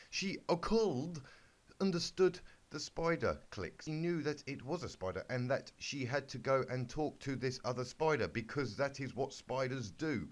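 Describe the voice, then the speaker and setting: A young man giving a halting, deadpan comedic reading of a bad fanfic. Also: medium pitch. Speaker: YouTuber reading fanfic aloud. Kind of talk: mock-serious comedic reading.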